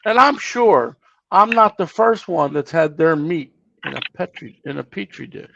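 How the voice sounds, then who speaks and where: A man's voice: fairly high pitch, lively intonation, moderate pace, creaky, bright, forceful tone, a little hiss or hum. A man co-hosting a casual morning chat show, teasing and pressing the others with questions. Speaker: co-host. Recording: dull, dry remote-call audio.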